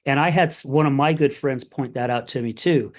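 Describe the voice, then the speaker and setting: A man's voice: medium pitch, brisk. Storytelling middle-aged male podcast host. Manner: storytelling, animated retelling of conversations; candid, plain-spoken. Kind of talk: casual conversation.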